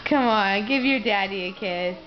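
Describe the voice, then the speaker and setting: A woman's voice: mid-range voice, moderate pace, lo-fi sound, faint music behind. A young mother at home, talking sing-song baby talk and coaxing her toddler, laughing often. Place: family home.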